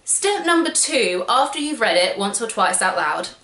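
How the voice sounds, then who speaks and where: A woman's voice: a little high, very animated, normal speed, a bit bright. A woman actor talking to a camera on a tripod, chatty and upbeat as she explains her method step by step. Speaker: actor sharing audition tips. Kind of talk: casual instructional vlog to camera. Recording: echoey room.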